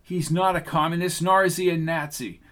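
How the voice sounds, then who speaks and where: A man's voice: fairly high pitch, steady tone, normal speed, fairly bright tone, pitched above the performer's own voice, natural voice. A man voicing an earnest, defiant teenage farm girl in an audiobook reading. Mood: defensive.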